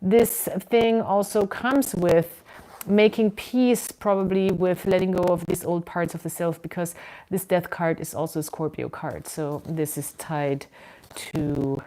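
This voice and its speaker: A woman giving a casual tarot reading from indoors at home, musing and unhurried, with frequent ums and soft laughs. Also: lowish voice, steady tone, low-quality recording. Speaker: tarot reader.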